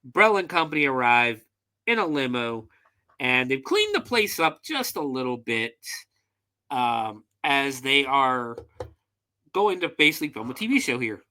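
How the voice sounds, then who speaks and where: A man's voice: mid-range voice, sing-song, measured pace, bright, forceful tone. A man hosting a podcast, recapping a film in casual, profane storytelling with loose fillers. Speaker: podcast host.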